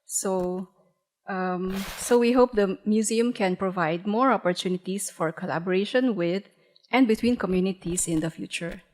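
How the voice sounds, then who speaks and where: A museum presenter, a woman, wraps up her lecture in an auditorium and introduces a guest. Her voice sits at a middle pitch. Her delivery is formal and measured, with a few fillers. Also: a little mellow, poor audio.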